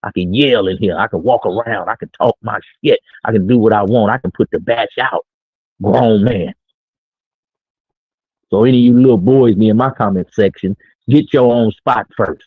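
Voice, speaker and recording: A man's voice: on the low side, normal speed, husky, no room sound. Brash, slangy man on a tinny line. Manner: brash, boastful, slangy street talk. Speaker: streamer giving dating talk. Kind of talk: casual monologue to camera. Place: his own small studio room.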